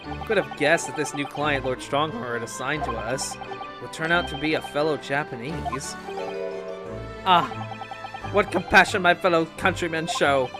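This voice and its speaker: A man's voice: on the high side, natural voice. A man doing a wildly theatrical young poet. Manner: theatrical, loud, alliterating outbursts. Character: excitable young Japanese man, dramatic poet student. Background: game music.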